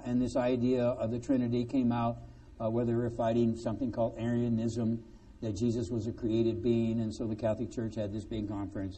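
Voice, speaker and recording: A man preaching a sermon in a lively, conversational way, with joking, sarcastic asides. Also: mid-range voice, distant mic.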